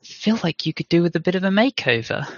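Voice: mid-range voice, lively intonation, fast, no room sound, dull audio. A player in a tabletop game, chatty and playful, speaking in character and laughing easily. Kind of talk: tabletop role-play chat.

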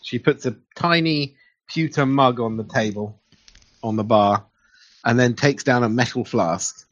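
A man's voice: mid-range voice, a little slow, fairly bright tone. A man narrating a tabletop game as game master, playful and loose, with fillers. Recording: dull lo-fi recording.

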